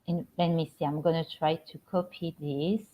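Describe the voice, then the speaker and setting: A middle-aged woman with a French accent, a spiritual coach hosting a casual live stream from home, talking gently with many halting restarts. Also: sits low, steady tone. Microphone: computer or phone camera on a live stream. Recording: slightly dull lo-fi stream audio.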